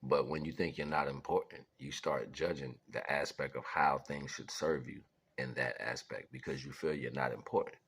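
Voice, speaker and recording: A vlogger with a very deep, gravelly voice and a breathy edge rambles casually through life lessons and stories. His tone is fairly bright, his intonation fairly even and his pace moderate, and he laughs often and acts out voices.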